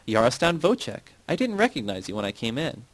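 A man reading the part of a sarcastic, bitter former prisoner in an audiobook, with a gravelly voice. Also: mid-range voice, a little fast, lightly acted, poor audio. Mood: mocking. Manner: sarcastic, mocking.

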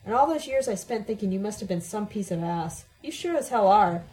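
A woman's voice: medium pitch, expressive, brisk, mellow, close to an everyday voice, rough recording. A woman reading the lines of an angry, disgusted man who hisses his words with contempt. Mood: contemptuous. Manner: hissing, contemptuous.

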